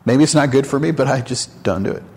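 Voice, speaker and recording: A man hosting a candid faith talk show, speaking in a frank, animated storytelling manner. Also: medium pitch, fast talker, slight background noise. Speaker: host. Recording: long hall reverb.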